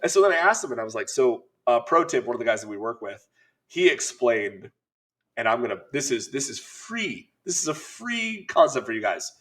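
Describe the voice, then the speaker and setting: A middle-aged man co-hosting a podcast, telling an animated, laughing story in casual chat. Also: mid-range voice, normal speed. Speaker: podcast co-host.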